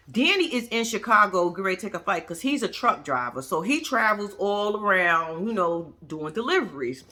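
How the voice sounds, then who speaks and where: A woman's voice: on the high side, sharp tone. A woman giving blunt, profane, casual reaction commentary to her viewers. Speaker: reaction vlogger.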